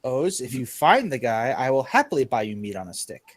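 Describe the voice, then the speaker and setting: A man's voice: mid-range voice, very animated, fairly quick, dry recording. A man playing his character in a tabletop game, matter-of-fact. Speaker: player.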